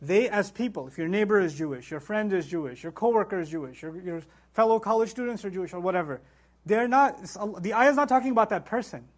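A man with a high, light voice delivers a religious lecture at a quick clip. He is animated and rhetorical, firing off questions and weaving Arabic verses into his explanations as a Quran teacher.

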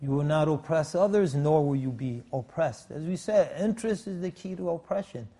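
A man's voice: fairly high pitch, lively intonation, moderate pace, mellow. A man preaching a sermon, emphatic in delivery, with frequent restarts and Arabic religious phrases.

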